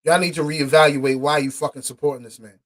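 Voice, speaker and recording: A man hosting a podcast, angrily commenting on court documents he reads aloud, profane and indignant, stumbling over words and swinging from muttered asides to loud outbursts. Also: fairly high pitch, steady tone, quick pace. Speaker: podcast host.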